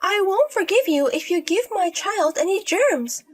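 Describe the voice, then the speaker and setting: A woman voicing a bossy, spiteful pregnant young sister-in-law who yells insults in a storybook. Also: very high voice, lively intonation, measured pace. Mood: scornful. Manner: scornful, yelling insults.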